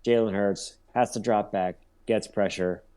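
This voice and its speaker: A man's voice: fairly low pitch, steady tone, a little slow, mellow, clean tone. Profane rambling football podcast guy. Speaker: podcast co-host. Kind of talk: casual sports chat.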